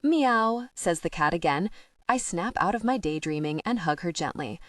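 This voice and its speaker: A woman's voice: deep voice, animated, moderate pace, no echo. Woman narrating a romance audiobook, dry sound. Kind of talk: first-person audiobook narration.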